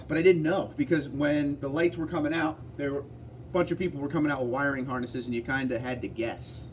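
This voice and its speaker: A man hosting a casual livestream, answering viewer comments in a relaxed, chatty way. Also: medium pitch, distant mic, a little hiss or hum. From Pennsylvania. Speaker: livestream host reading chat. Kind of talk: casual live chat.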